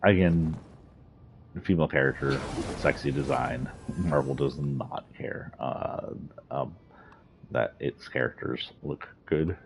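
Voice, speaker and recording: A man's voice: a bass voice, takes it slowly, vocal fry, slight background noise. A man hosting a casual video about a game's story, rambling a little with fillers as he reviews it. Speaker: gaming video host. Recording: dull lo-fi recording.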